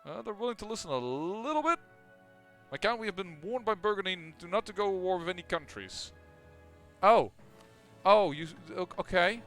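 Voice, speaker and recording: A man with a high, somewhat bright voice and lively intonation comments at a moderate pace on the strategy game he's playing, with soft music behind him. He thinks aloud casually, using lots of fillers and restarts.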